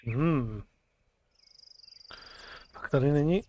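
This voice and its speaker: A man's voice: on the high side, slow, warm tone, lo-fi sound. A man streaming a game, thinking aloud in casual commentary.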